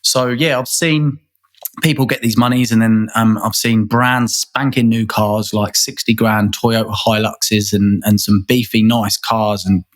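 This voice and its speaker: A man's voice: on the low side, fairly even intonation, unhurried. A man, a guest in a casual interview, talking earnestly and rambling, often repeating words and restarting. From England.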